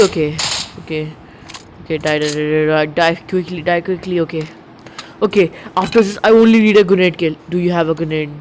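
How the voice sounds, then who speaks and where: Excitable young Indian gamer talking to himself. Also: male voice, high-pitched, moderate pace, a little hiss or hum. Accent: Indian English. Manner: excitable, panicky, talks to himself nonstop. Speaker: mobile gaming YouTuber. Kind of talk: live gameplay commentary.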